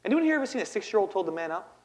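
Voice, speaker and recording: A man's voice: sits high, sing-song, rapid-fire, a little mellow. A man in his thirties giving a playful storytelling talk as a poet, often quizzing his audience. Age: 30s. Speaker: poet and speaker. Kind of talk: spoken-word storytelling talk.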